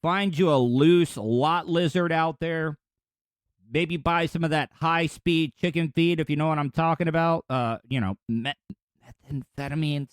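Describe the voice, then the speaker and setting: Male podcast host, slightly high voice, dry close sound, rambling comic riffs. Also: fairly even intonation, normal speed, smooth, no room sound. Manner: rambling, crude joking asides. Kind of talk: comedic news commentary.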